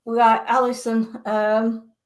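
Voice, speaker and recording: A woman with a fairly high voice gives psychic readings over the radio. She is earnest and reassuring, and she searches for her words as she goes. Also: little pitch movement, slow pace. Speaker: clairvoyant.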